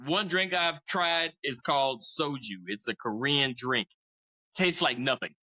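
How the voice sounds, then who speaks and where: A man's voice: medium pitch, a little slow, bright, forceful tone, poor audio. A man in his forties casually telling a profane story as a podcast co-host, often laughing.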